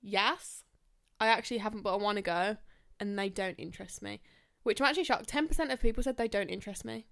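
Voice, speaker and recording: A woman's voice: mid-range voice, fast, vocal fry, few pauses, a bit bright. A woman in her twenties with a Birmingham accent, co-hosting a casual podcast chat with a chatty, teasing manner and casual swearing. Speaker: podcast co-host.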